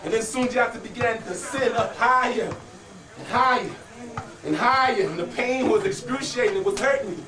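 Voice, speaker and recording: A male storyteller with a very high-pitched voice performs a folk tale live, building rhythm and calling out for his audience to answer. The sound is roomy and echoing, caught from a distance. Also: moderate pace, a crowd in the background. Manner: dramatic, rhythmic call-and-response with listeners. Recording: echoey room, voice from far off.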